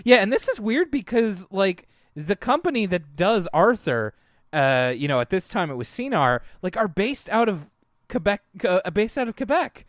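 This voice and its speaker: A man's voice: sits high, very animated, normal speed, no room sound, clean studio sound. A man co-hosting a podcast in casual chat, loose and chatty with many fillers and restarts. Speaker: podcast co-host.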